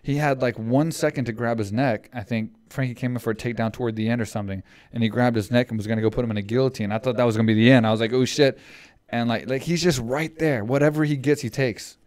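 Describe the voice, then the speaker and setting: Animated man swapping fight talk. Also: medium pitch, quick pace, hardly any pauses. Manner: animated, swearing, repeats phrases, calls people dude. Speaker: podcast co-host. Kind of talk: casual sports chat.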